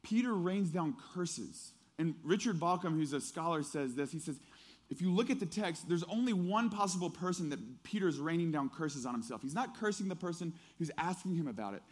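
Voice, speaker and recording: A man preaching a sermon, moving between a hushed, quiet prayer and animated, conversational storytelling with fillers. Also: fairly high pitch, brisk. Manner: conversational, with fillers and acted quotes. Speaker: pastor.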